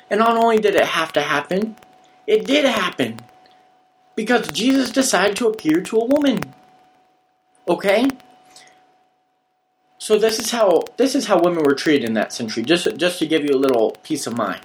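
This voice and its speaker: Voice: mid-range voice, lively intonation, normal speed, pauses often, slight background noise, rough recording. A preacher giving an emphatic, repetitive sermon in a casual, slangy way.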